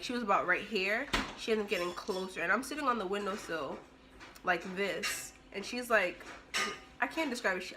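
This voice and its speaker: A young woman telling a personal story in a casual, animated way, with sudden bursts of loudness. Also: mid-range voice, noisy background. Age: young adult. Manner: animated, expressive, with big jumps in loudness.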